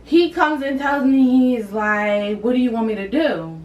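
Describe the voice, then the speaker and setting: A young woman vlogger telling a personal story in casual, animated, slang-heavy chat, talking to her viewers. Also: a little high, unhurried, distant mic, highs cut off. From Boston area. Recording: roomy, from off the mic, faint hiss.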